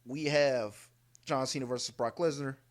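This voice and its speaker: A man's voice: mid-range voice, fairly even intonation, normal speed. A man co-hosting a podcast, giving casual wrestling predictions with hesitant fillers and joking asides. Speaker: podcast co-host.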